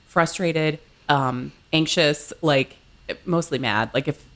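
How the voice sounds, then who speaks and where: A woman's voice: low voice, takes it slowly, fairly bright tone. A woman co-hosting a podcast in casual chat, making dry, sarcastic quips. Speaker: podcast co-host.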